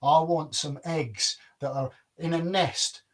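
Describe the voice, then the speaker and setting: A man's voice: a little high, steady tone, takes it slowly. A man voicing a gloating fairy-tale giant. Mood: demanding. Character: bossy greedy giant, huge and teasing. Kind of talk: told folk tale.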